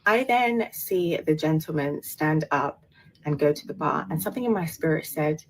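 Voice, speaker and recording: Low-voiced British woman telling a story. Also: expressive, moderate pace, poor audio. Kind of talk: personal storytelling to camera.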